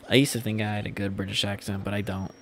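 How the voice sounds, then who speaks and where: A young male streamer chats loosely with his viewers as he plays, rambling and swearing casually. His voice sits on the low side with a gravelly rasp, and there is a faint hiss behind him. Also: level tone, fast, a bit bright. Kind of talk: casual gameplay livestream chat.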